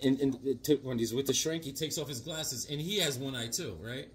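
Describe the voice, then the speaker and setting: A man in his fifties chatting casually about his comic books, animated and jokey with sudden loud outbursts. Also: mid-range voice, brisk, slightly rough. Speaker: comic book collector. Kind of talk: casual chat showing comics.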